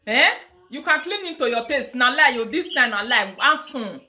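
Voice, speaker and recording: Animated Nigerian woman hosting call-ins. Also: high voice, normal speed, music in the background. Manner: animated, storytelling with Pidgin and laughter. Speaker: talk show host. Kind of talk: call-in radio chat.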